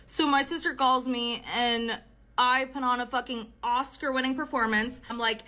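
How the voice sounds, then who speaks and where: A young woman telling a wild personal story in a casual, animated way, swearing often and saying "like" a lot. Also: high-pitched, moderate pace. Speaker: storyteller in a clip.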